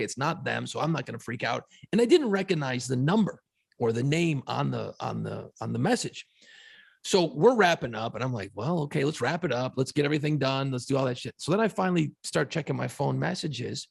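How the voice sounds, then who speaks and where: A middle-aged man, co-host of a podcast, telling a story in a profane, animated, casual way. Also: medium pitch, a little fast, creaky, slightly rough.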